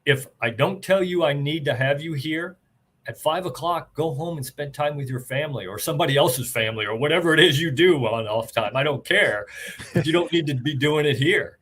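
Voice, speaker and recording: A man's voice: fairly high pitch, brisk, a bit bright, a little hiss or hum. An older man, a retired army officer, talking earnestly and plainly about leadership as an interview guest.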